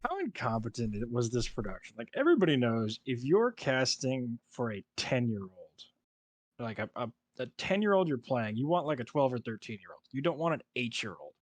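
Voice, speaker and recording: A man's voice: medium pitch, big pitch swings, a little fast, no echo. Male co-host, sarcastic critic, dry close-miked sound. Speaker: podcast co-host. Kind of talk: casual chat recapping a TV episode.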